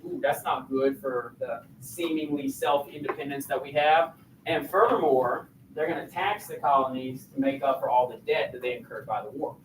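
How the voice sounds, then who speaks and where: At a medium pitch and normal speed, a male teacher talks casually to his class and quizzes them. The recording has a little hiss or hum, with his voice distant in an echoing classroom.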